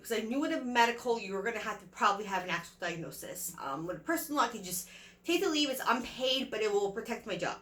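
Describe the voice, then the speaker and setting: Bright, chatty young woman in an echoey room. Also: on the high side, lively intonation, fast, a little hiss or hum. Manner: chatty, rambling, many fillers and retold dialogue. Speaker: vlogger. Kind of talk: casual storytelling to camera.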